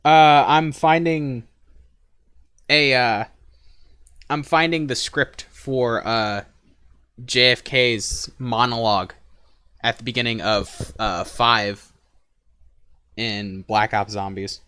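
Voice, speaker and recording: Bright-voiced young man rambling on stream. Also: medium pitch, steady tone, slow, long pauses, clear, resonant tone. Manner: rambling, joking, many fillers. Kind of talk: casual gaming stream chat.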